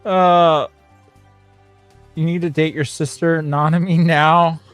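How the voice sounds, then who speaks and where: A male streamer reads a generated story aloud to his viewers, stopping now and then to chuckle and ramble, and he reads in quick bursts. His voice is slightly high and his tone stays level. The recording is dry with no room sound, and faint guitar music plays underneath.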